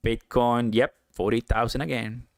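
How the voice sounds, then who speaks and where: A man hosting a casual live stream, chatting excitedly, laughing often and answering viewer comments. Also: mid-range voice, moderate pace, no echo, clean studio sound.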